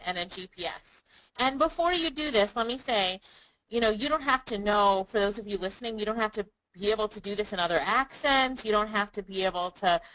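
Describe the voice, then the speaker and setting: A woman's voice: mid-range voice, sharp tone, low-quality recording. A woman hosting an interview, encouraging and enthusiastic toward her guest. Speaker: interview host. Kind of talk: casual interview.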